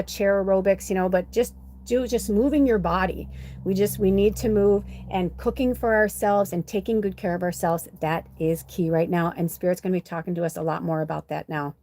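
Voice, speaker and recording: A woman's voice: mid-range voice, warm tone, no echo. A woman hosting a casual live-stream chat as a spiritual medium, rambling and affectionate, swearing freely. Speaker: spiritual medium and channel host.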